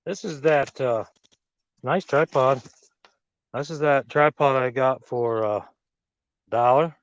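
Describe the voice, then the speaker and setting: A man's voice: medium pitch, slow, no room sound, muffled recording. A man hosting a casual live-stream garden tour outdoors, chatting with viewers in a rambling, friendly-plain way while filming on a phone or camera. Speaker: garden channel host. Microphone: phone or camera on a tripod, then handheld while walking.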